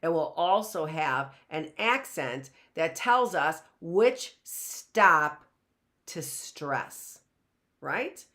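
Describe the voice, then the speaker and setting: Slow, low-voiced woman teaching phonics. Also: animated, bright, forceful tone. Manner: slow, explaining, sounds out words. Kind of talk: online phonics lesson.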